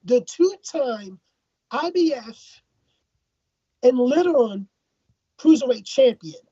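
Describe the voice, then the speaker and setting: Woman from Ireland, boxing co-host, higher and darker-toned, husky, on a dull dry line. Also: expressive, slow, dark tone, no room sound. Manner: opinionated, repeats words when thinking. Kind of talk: casual boxing talk.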